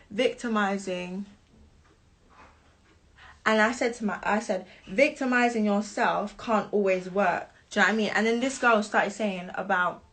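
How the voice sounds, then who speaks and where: A young woman talks straight to her viewers, retelling a falling-out. Her voice sits at a middle pitch, and she sounds chatty and indignant as she keeps checking that they follow her. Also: a bit bright. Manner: chatty, indignant, keeps asking "do you know what I mean". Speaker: vlogger telling her side. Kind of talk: casual storytime on a live stream.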